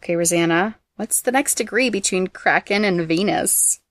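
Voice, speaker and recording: A woman hosting a podcast who reads out trivia facts in a brisk, teasing way and laughs often. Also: mid-range voice, dry recording, studio quality. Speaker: podcast host presenting trivia. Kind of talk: casual trivia chat, reading facts.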